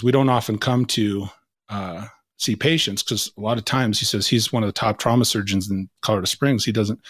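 A man in his forties, a podcast guest, telling a personal story with vivid quoted dialogue and dropping to a hushed tone at intense moments. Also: lowish voice, no echo, clean studio sound. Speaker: podcast guest, leadership coach.

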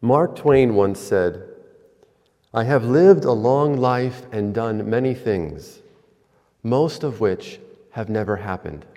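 Slow-speaking man preaching in a reverberant hall. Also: medium pitch, expressive, warm tone. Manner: slow, storytelling with pauses. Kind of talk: sermon.

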